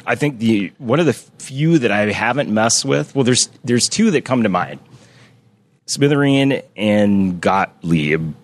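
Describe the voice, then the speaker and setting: A man's voice: on the low side, expressive, measured pace. A man talking as a brewer, rambling and correcting himself as he explains his beers at length. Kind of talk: casual podcast chat.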